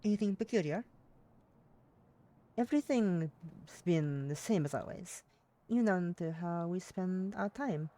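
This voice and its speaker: A streamer doing a soft-spoken lady with a wobbly Russian accent. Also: mid-range voice, a little slow, long pauses, pitched above the performer's own voice, natural voice. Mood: gentle. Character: soft-spoken young woman, polite heiress. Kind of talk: reading a game character aloud.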